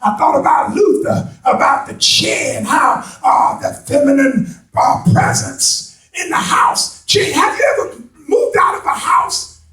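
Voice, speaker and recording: A man preaching a sermon to a responding congregation, building from slow talk into impassioned shouts with folksy turns of phrase. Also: very high voice, animated. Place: church sanctuary. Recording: echoey hall, voice from a distance.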